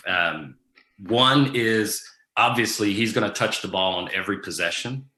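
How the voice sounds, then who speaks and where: This guest's fairly low, bright-toned, forward voice rings against a noticeably echoing room as he answers questions. He keeps it casual and easygoing, pausing on ums and restarting sentences as ideas come to him.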